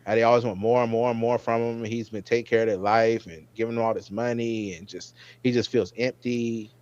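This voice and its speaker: A man's voice: medium pitch, steady tone, a little fast, a little mellow, dry recording. A man hosting a casual episode review chat, animatedly retelling scenes and acting out the characters' lines. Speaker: host. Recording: dull, dry lo-fi mic sound.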